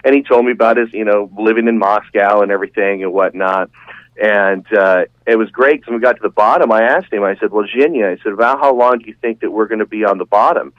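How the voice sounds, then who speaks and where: A man's voice: fairly low pitch, fast, no room sound. Man, enthusiastic storyteller, rambling, casual podcast guest, muffled dry audio. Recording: dull, dry, lo-fi sound.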